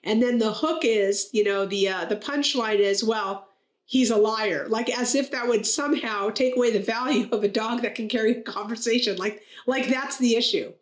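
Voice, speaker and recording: A woman's voice: a little high, moderate pace, hardly any pauses, echoey room. A woman rabbi co-hosting a casual talk, chatty and playful, telling and unpacking a joke. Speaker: rabbi, co-host. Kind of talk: casual conversation.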